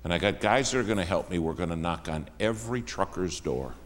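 A man's voice: low-pitched, animated, brisk, in a large hall, slight background noise. A man preaching a sermon, telling a story with folksy humor. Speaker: pastor.

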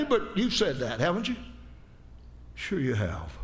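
A man's voice: sing-song, moderate pace. Impassioned man preaching a sermon. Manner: impassioned, swings from loud rising appeals to hushed low asides. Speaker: pastor. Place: church.

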